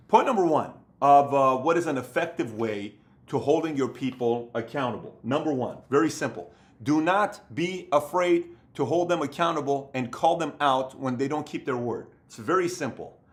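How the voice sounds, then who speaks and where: A man in his thirties talks straight to camera about leading a business team. His voice sits at an ordinary middle pitch. He hammers home his points by repeating short phrases. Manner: emphatic, repeats key phrases for stress. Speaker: business coach. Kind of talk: motivational talk to camera.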